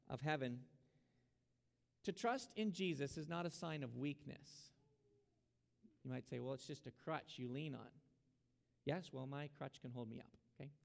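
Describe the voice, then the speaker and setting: A male pastor preaches earnestly and urges his congregation on, his voice gravelly and a touch high. The sermon carries a long reverb from a church sanctuary. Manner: earnest preaching, urging and exhorting.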